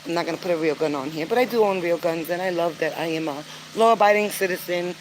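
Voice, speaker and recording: A woman's voice: lowish voice, fast, a little hiss or hum, low-quality recording. An older woman vlogging casually to camera, chatty and earnest, with frequent filler words. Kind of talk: casual vlog talk to camera.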